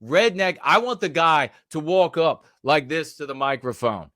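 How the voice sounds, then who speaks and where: A man's voice: a little high, lively intonation, normal speed, a bit bright, no echo, clean studio sound. A man giving angry, mocking commentary on a news clip, with many fillers and restarts.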